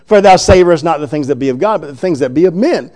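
A man's voice: fairly high pitch, lively intonation, fast talker, mellow, close to an everyday voice. A man voicing Jesus as a solemn teacher, declaiming old biblical English.

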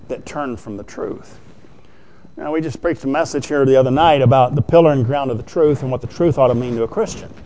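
Casting note: male pastor mid-sermon, slightly higher voice, chatty delivery full of questions to the room. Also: a little mellow. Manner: conversational preaching, asks the congregation questions.

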